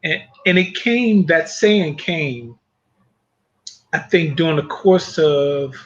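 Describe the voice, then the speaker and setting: A man with a fairly high voice speaks as a panelist in a reflective faith discussion. He talks in a thoughtful, measured way. The audio sounds dull and lo-fi. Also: lively intonation. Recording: muffled lo-fi audio.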